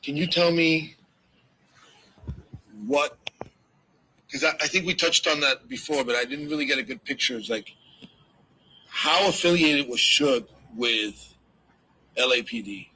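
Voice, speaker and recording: A man interviewing someone, asking questions in an easygoing way with some halting restarts. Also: a little high, bright, forceful tone, slight background noise, rough recording.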